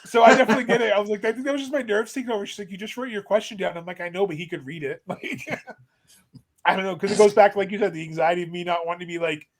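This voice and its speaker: A man's voice: sits high, rapid-fire, slight background noise. A man in casual podcast chat who laughs often and tells stories with a supportive tone.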